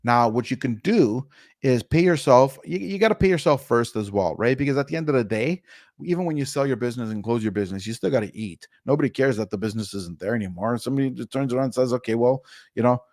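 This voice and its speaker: A man's voice: medium pitch, expressive, fast talker, darkish tone, dry recording, studio quality. A man guest on an interview podcast, giving blunt, down-to-earth money advice with the odd swear word. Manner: blunt, down-to-earth, mildly profane.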